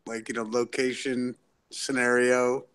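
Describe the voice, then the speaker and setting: A man joining a casual livestream chat, rambling excitedly with many filler words. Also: mid-range voice, unhurried, clear, resonant tone. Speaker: guest.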